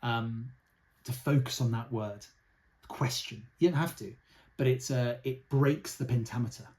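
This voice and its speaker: A young man talks through a book he loved in a relaxed, reflective way. His voice sits at an ordinary middle pitch, and he often pauses with ums and uhs as he gathers his thoughts. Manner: thoughtful, soft-spoken, many fillers. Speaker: book reviewer; actor. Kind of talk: casual book review.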